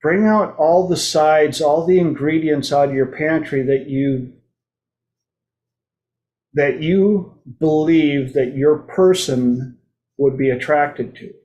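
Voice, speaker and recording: Slow, playful male talk-show host. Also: on the high side, a little mellow, muffled recording. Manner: playful, acts out quoted voices. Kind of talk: solo talk show monologue. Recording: roomy echo.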